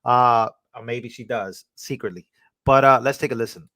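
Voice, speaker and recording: A man streamer giving casual reaction commentary, excitable and full of fillers and repeats. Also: medium pitch, moderate pace, no room sound.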